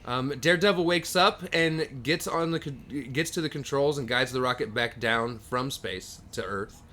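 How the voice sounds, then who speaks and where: A man's voice: medium pitch, normal speed, bright, forceful tone, slight background noise. A man co-hosting a podcast, casually recapping comic book plots at length with dry jokes. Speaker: podcast co-host.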